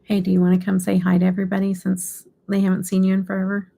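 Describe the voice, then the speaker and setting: A woman's voice: medium pitch, monotone, quick pace, gravelly, dark tone. A middle-aged woman hosting a beauty live stream, chatting casually and laughing often. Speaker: beauty channel host.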